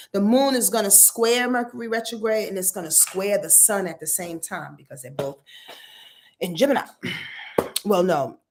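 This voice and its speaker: A woman's voice: mid-range voice, a little mellow. A woman hosting an astrology live stream in a casual, chatty way, laughing often, talking straight to her viewers and swearing now and then.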